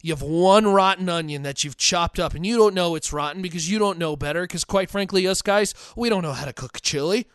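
High-voiced opinionated man on a podcast. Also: a little fast, few pauses, fairly bright tone, clear, resonant tone, dry recording, studio quality. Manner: opinionated, digressive, repeats himself. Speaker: podcast host. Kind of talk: sports podcast commentary reading fan comments.

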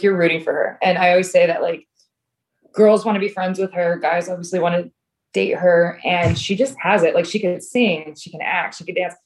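A woman's voice: fairly low pitch, a little mellow. A woman talking casually in an interview, telling a long story full of "like", fillers and restarts. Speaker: filmmaker guest.

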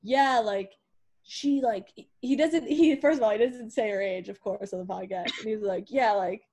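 A young woman co-hosting a podcast, telling animated stories in casual chat, full of "like" and swearing. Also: on the high side, normal speed, a little hiss or hum. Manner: animated storytelling, heavy "like", swears freely. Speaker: podcast co-host.

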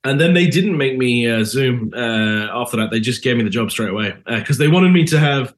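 A man with a British accent, an actor guest chatting in a casual podcast interview, animated and full of lively swings in pitch. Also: brisk.

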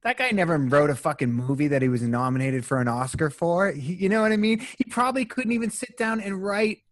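A man talking as a guest on a casual chat, earnest and candid, swearing now and then, with halting restarts. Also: fairly high pitch, no echo. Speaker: screenwriter guest.

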